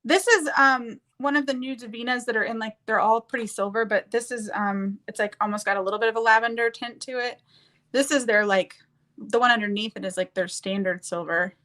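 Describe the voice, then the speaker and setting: A woman's voice: a little high, fairly even intonation, fairly quick, bright, forceful tone, poor audio. A woman chatting casually while doing her makeup on a stream, rambling and searching for words as she goes.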